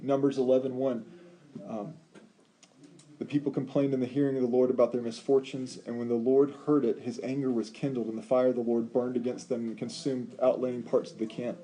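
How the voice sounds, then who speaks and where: A man teaching a Bible study, talking in an animated, emphatic way with rhetorical questions and frequent ums. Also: mid-range voice, a little fast.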